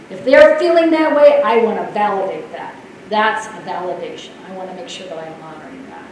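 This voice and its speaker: Woman speaker, lively storyteller, heard from a distance in a roomy hall. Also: mid-range voice, a little fast. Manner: animated storyteller, laughs often. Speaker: nurse leadership speaker. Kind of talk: conference talk. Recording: echoey hall from far off, faint noise.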